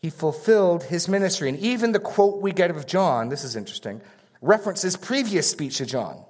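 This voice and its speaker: A male pastor preaching an expository sermon, repeating key phrases and swinging between raised emphasis and hushed asides. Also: sits high, lively intonation, a little fast.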